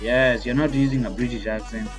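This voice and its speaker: A man's voice: medium pitch, steady tone, a little fast, soft background music. A young man chatting casually with his voice assistant, hesitant and rambling with lots of fillers. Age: young adult. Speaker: tech video creator.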